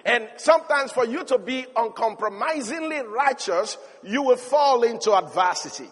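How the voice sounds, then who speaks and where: A high-pitched male preacher delivers a fervent sermon. He moves between loud, urgent calls to the congregation and quieter, lower storytelling. His voice rings with the long reverb of a large hall. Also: animated, moderate pace, breathy edge. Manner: passionate, swinging between loud exhortation and low storytelling. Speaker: pastor.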